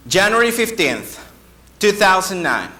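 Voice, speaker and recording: A man giving a speech-contest oration, slow and emphatic, with dramatic pauses. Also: high-pitched, sing-song, sharp tone. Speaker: contest speaker. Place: hall. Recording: echoey hall.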